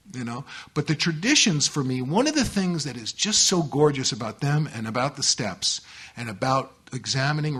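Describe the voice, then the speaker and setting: A middle-aged man with a husky, slightly breathy voice giving a personal testimony at a recovery meeting. He talks candidly and laughs at himself, often swinging into lively, emphatic bursts before settling back down. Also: on the high side. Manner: candid, self-mocking, with animated outbursts.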